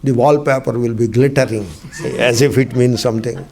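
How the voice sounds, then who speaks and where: A man's voice: medium pitch, fairly even intonation, normal speed, darkish tone, a little hiss or hum. A man, a swami, teaching a spiritual discourse class, emphatic and fond of asking and answering his own questions, repeating key phrases with dry humor.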